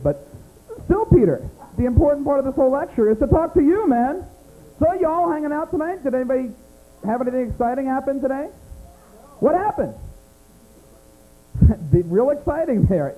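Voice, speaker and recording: A man's voice: very high-pitched, big pitch swings, a little fast, warm tone, poor audio. An American man doing stand-up comedy in a small club, teasing audience members by name in a brash way. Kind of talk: stand-up comedy set with crowd work.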